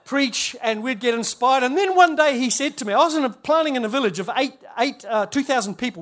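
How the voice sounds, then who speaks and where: A man's voice: extremely high pitch, fairly bright tone. A man, a church leader giving a humorous storytelling talk at a conference, chatty and self-interrupting, laughing at his own stories.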